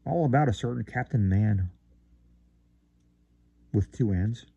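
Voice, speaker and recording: A man's voice: lowish voice, unhurried, gravelly, mellow, slightly rough, no echo, lo-fi sound. A man reading a classic short story aloud in a theatrical way, with rising emphasis and occasional stumbles. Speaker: reader.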